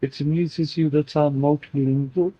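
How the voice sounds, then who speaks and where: A man channeling a playful, teasing female spirit in a slow, halting way, in a channeling session. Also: a little high, fairly even intonation, no echo, lightly acted. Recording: dull dry lo-fi recording.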